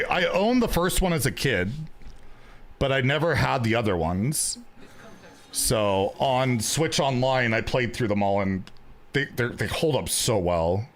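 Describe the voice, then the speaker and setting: A man talks through a card game as he streams it. His pitch sits right in the middle, and his chat is loose and jokey, full of restarts and repeated words as he thinks out loud. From Canada. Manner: chatty, joking, stumbles and repeats words. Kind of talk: casual gameplay commentary.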